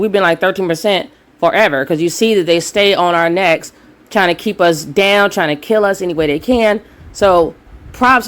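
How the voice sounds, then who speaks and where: A woman from the United States with an African American English accent, hosting her own commentary channel and ranting in a heated, emphatic, profane way. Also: mid-range voice. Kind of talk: solo commentary rant.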